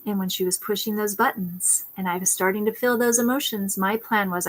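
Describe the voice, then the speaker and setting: A woman's voice: medium pitch, a little fast, few pauses. Woman coach telling a parenting story. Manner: reflective storytelling, acts out a child's pleading voice. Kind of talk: personal story on a talk show.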